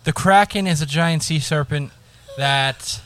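A man's voice: fairly high pitch, a little slow, fairly bright tone. A man in his twenties co-hosting a podcast, sarcastic and swearing as he steers back to the topic. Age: 20s. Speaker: podcast co-host. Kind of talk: casual crude chat.

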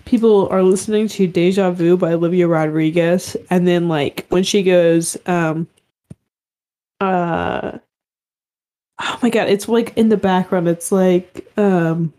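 Young woman, mellow, darker tone; podcast co-host, loose storytelling full of swearing. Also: on the low side, steady tone, unhurried. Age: young adult. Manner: swearing storyteller, laughs into her lines. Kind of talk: casual chat.

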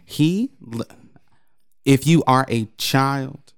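A man co-hosting a podcast, telling a story in casual chat, animated and profane, jumping into high mocking quotes. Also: very slow, clean tone, dry recording, clean studio sound.

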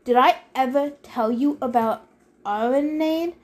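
A woman playing a haughty immortal, coldly sneering and weary of mortals. He lectures with scorn, his tone clipped and contemptuous. A storybook god with a high, bright voice from the reader. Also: a little slow. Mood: scornful storytelling. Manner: sneering, disdainful. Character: sneering, bored male wine god, camp director.

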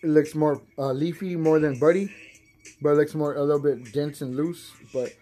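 A young man hosting a casual stoner podcast, high, rambling and profane, laughing often. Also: steady tone, normal speed, warm tone, faint music behind. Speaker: podcast host.

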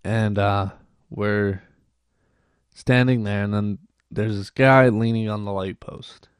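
A man's voice: fairly low pitch, steady tone, takes it slowly, smooth, no echo, studio quality. A young Canadian man hosting a podcast, rambling through a casual story with many restarts and acted-out quotes. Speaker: podcast host.

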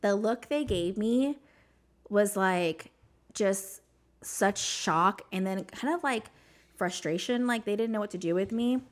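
A woman, an interview guest, telling her personal story in casual conversation, animated, saying "like" a lot and acting out what others said. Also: mid-range voice, takes it slowly.

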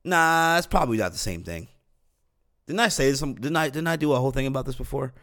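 A man's voice: medium pitch, animated, fast talker, a bit bright. A young man hosting a podcast alone, rambling casually with lots of fillers, restarts and swearing. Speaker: podcast host. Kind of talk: casual solo podcast rant.

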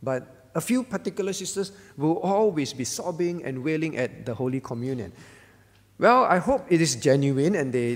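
At a prayer meeting in a church hall, a male pastor preaches in a conversational way, regularly asking the congregation "all right?". He has a medium-pitched voice with vocal fry and a big-room sound.

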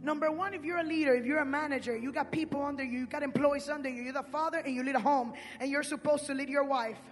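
Male preacher, high voice, slangy, loud-to-quiet swings, big church reverb. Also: steady tone, fast. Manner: swings between shouting and hushed speech. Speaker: pastor. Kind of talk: sermon. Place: church sanctuary. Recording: reverberant hall with music.

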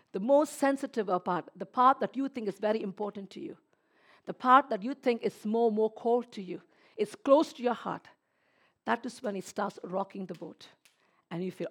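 A woman preaching a sermon, swinging from hushed, near-whispered lines to loud, excited exclamations. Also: on the high side.

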